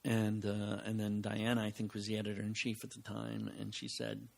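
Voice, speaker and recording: An older man, a podcast guest recorded at home, telling animated anecdotes, acting out the voices of people he quotes and laughing often. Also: fairly low pitch, fairly quick, vocal fry. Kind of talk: casual anecdotal storytelling.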